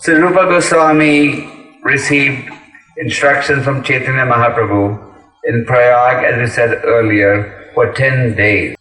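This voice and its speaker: A man in his fifties, a spiritual teacher, giving a lecture and telling a story with lively voices for its characters. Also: mid-range voice. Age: 50s. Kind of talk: lecture to devotees. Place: temple hall in Moscow. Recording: echoey hall, speaker far from mic.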